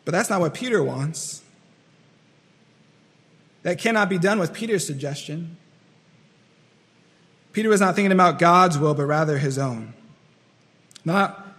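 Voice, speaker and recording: Guy preaching, high voice, earnest and repetitive, hall echo around him. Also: moderate pace, pauses often, a bit bright, breathy edge. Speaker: pastor. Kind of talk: sermon.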